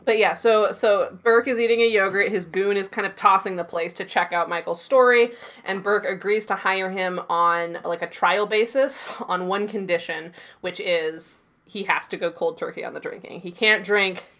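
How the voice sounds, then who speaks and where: A woman co-hosting a podcast, casually recapping a TV episode and acting out quick snippets of the characters' lines. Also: mid-range voice. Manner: animated storytelling with quick put-on quotes. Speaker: podcast co-host.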